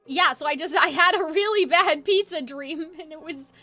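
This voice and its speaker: A young woman streamer telling a long story in casual chat, rambling and animated with many fillers. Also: high voice, moderate pace, no echo, soft background music.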